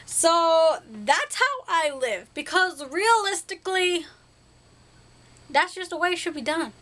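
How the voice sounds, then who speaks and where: Young woman, high-pitched, bright sharp tone, casual vlog, rambling, silly, self-mocking. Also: big pitch swings, slow pace. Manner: chatty, silly, self-deprecating, playful made-up words. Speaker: vlogger.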